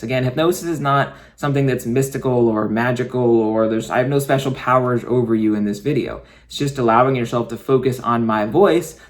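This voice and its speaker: Soft-spoken male hypnotist. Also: mid-range voice. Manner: slow, soothing, repetitive suggestions, often dropping to a soft near-whisper. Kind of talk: guided hypnosis session.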